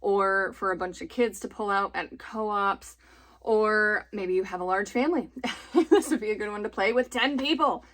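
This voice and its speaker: With a medium-pitched, fairly bright voice at normal speed, a thirtysomething homeschooling mom chats excitedly about board games for the family. It's a casual review, punctuated by frequent laughter.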